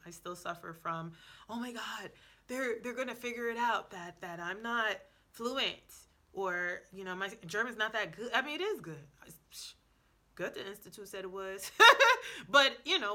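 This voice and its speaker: A woman's voice: lowish voice, pushed and bright. A woman talking casually to camera in a sassy, chatty language-learning vlog, with lots of ums and restarts. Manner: chatty, sassy, talks straight to viewers with quoted asides. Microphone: camera mic, indoors before a backdrop.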